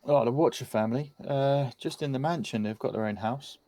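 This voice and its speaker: A man's voice: mid-range voice, a little fast, mellow, dry recording, pitched above the performer's own voice, close to an everyday voice. A man doing a chatty gossipy innkeeper. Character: chatty adult male innkeeper, helpful.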